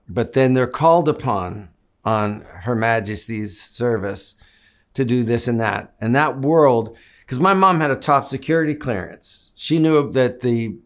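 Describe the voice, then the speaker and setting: A middle-aged man from Canada, an actor giving long, reflective interview answers. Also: mid-range voice. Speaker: actor guest.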